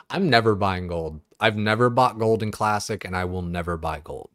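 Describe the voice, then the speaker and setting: A man's voice: on the low side, normal speed, a bit bright, no echo, clean studio sound. A young man streaming games, ranting in a loose, exasperated way, full of swearing and filler words. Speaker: gaming streamer. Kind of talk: casual livestream rant.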